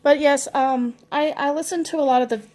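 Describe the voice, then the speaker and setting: A woman of about forty with a fairly high voice tells stories casually. She rambles with many ums and uhs and laughs as she goes. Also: steady tone, a little fast, a little mellow. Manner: rambling, many fillers, laughs while telling. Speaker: vlogger telling stories. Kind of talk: casual anecdotal storytelling.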